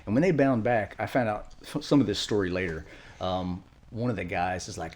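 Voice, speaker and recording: A middle-aged man, a retired Marine, telling war stories quickly in an interview, acting out quotes. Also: lowish voice. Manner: fast, animated war storytelling with acted quotes. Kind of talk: storytelling interview.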